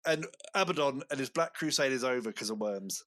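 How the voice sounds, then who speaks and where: A man co-hosting a relaxed podcast. He laughs along, agrees often and builds daft scenarios as he goes. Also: mid-range voice, fairly quick. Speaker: podcast co-host. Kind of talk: casual banter.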